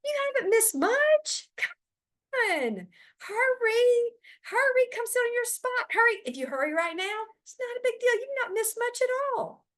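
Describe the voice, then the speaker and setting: A woman's voice: sing-song, a bit bright, full character voice. A woman voicing a flustered teacher who hurries a child along and brushes off her feelings. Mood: hurried. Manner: high, rushed, falsely cheerful.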